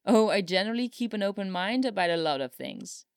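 A woman voicing an excitable young male pop singer who swears in giddy bursts, in a storybook reading. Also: mid-range voice, fairly quick, smooth, no room sound, studio quality, voice pushed up, close to an everyday voice. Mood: playful.

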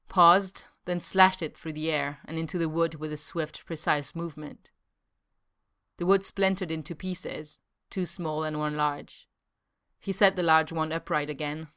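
A woman narrating a novel as an audiobook, in a measured, even way. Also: low voice, clear, resonant tone. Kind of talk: scripted narration.

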